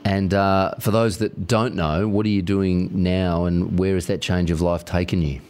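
A man's voice: low voice, steady tone, measured pace, darkish tone, slight background noise. A man hosting a podcast, chatting easily with a guest and often restarting with fillers. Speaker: podcast host. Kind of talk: conversational podcast interview.

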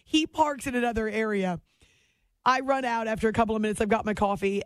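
A woman's voice: medium pitch, dry recording. Chatty woman radio host, dry studio. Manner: lively, chatty storyteller who laughs often. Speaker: late-night sports radio host. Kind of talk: casual radio storytelling.

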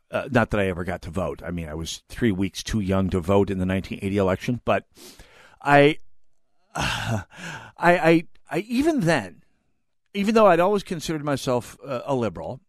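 A man's voice: lowish voice, no echo, clean studio sound. A man in his fifties hosting a talk radio show, delivering an opinionated monologue that rambles off on tangents and restarts his words. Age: 50s.

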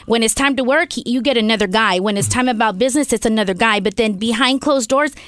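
Woman, high voice, dry sound, candid, swears, laughs a lot. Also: quick pace, fairly bright tone, dry recording. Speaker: guest, partner and manager. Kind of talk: casual podcast chat.

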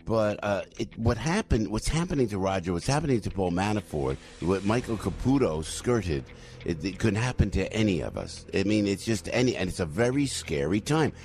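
A man's voice: fairly low pitch, normal speed. A man hosting a morning talk radio show, chatting casually and joking around. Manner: animated, jokey, sings snatches of songs.

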